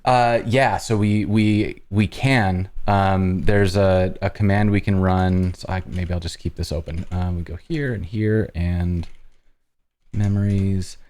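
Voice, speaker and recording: A man hosting a live-coding stream, casually talking through each step as he works, with halting restarts. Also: low voice, fairly even intonation, darkish tone.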